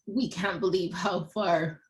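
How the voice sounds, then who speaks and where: A woman in her thirties giving an emotional personal testimony, halting with pauses and fillers and often clearing her throat. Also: lowish voice, fairly even intonation, rough recording. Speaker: family member speaking on a webinar panel.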